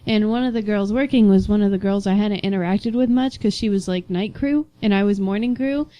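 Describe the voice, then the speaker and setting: A young woman co-hosting a casual podcast, telling lively anecdotes and acting out the voices of people in them. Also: medium pitch, brisk. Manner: animated storyteller, acts out voices in her anecdotes. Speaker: podcast co-host. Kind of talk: casual chat.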